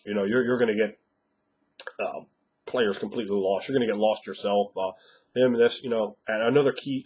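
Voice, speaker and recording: A man coaches other game masters in a blunt, emphatic monologue and swears freely to drive his points home. His voice is husky and a little hoarse from a recent cold. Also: fairly low pitch, steady tone, brisk, darkish tone. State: slightly hoarse after a cold. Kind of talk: instructional monologue.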